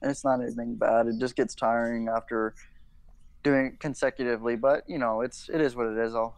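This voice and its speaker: A man's voice: mid-range voice, fairly even intonation, fairly quick, no room sound, low-quality recording. A young man on a podcast, talking casually and rambling, with lots of "like" and half-finished restarts as he gathers his thoughts. His voice is recorded close and dry, with no room sound. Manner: rambling, full of "like" and restarts, swears. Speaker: podcast co-host. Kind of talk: casual chat.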